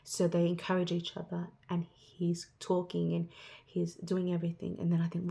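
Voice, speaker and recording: A woman's voice: on the low side, monotone, normal speed, vocal fry, mellow. A woman in her thirties talking casually to her viewers, rambling and chatty, acting out what other people say. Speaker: vlogger. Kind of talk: casual chat.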